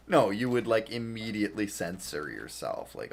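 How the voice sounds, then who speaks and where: A man's voice: on the low side, wildly swooping pitch, slow, gravelly, slight background noise. A tired man streaming a game, chatting casually and rambling in a self-deprecating way, laughing often. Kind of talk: casual gaming stream chat.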